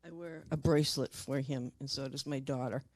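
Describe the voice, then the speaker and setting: An older woman and paranormal investigator, telling a personal story in a halting way, repeating words and dropping soft at tender moments. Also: rumbling low, steady tone, no room sound.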